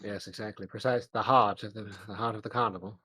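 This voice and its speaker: Guy playing a tabletop game in character, stiff proper way of talking, lowish voice, dry sound. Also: fairly even intonation, fast, bright, forceful tone, dry recording. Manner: formal old-fashioned phrasing. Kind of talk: in-character roleplay.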